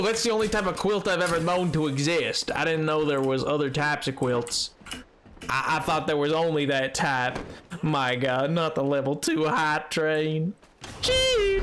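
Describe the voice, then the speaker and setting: Animated man streamer with a cold. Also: sits high, noisy background. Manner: animated, exasperated, joking with chat. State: has a cold. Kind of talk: live gameplay commentary.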